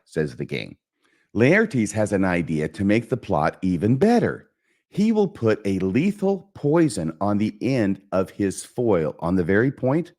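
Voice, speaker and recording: Going through a poem one line at a time, the host of this literature lesson speaks in a deep male voice with animated, energetic delivery.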